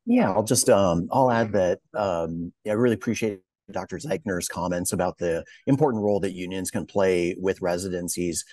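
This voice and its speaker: A man speaking as a webinar panelist in a measured way, pausing on "um". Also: low-pitched, a little mellow, no room sound. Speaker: webinar panelist, union program representative. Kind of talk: conversational panel remarks.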